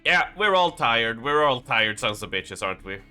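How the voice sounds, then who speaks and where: A man's voice: medium pitch, big pitch swings, moderate pace, pushed and bright, faint music behind. A young man chatting casually on a live stream, rambling with lots of fillers, his voice a little strained and worn.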